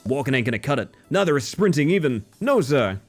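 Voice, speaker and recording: A man's voice: mid-range voice, sing-song, brisk, faint music behind. A man voicing a cocky male racing snail champion in a game, with a strained, boastful hype-man patter. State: voice strained from the put-on.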